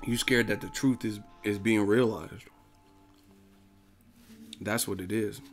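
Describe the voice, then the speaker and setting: A man's voice: lowish voice, steady tone, takes it slowly, faint music behind. A man hosting a boxing live stream, ranting in a profane, confrontational way. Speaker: boxing channel host.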